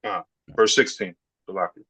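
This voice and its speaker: A man slowly and carefully reading a scripture passage aloud to a class, pausing between phrases. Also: deep voice, fairly even intonation, a crowd in the background, poor audio. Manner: slow, careful reading with pauses.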